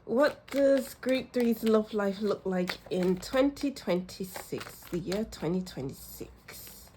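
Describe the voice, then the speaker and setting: With slight background noise behind her, this woman speaks slowly in a mid-range, animated voice while giving a pick-a-card tarot reading. Addressing viewers directly, she gushes with emotion, frequently laughs and sighs, and keeps her tone warm and comforting.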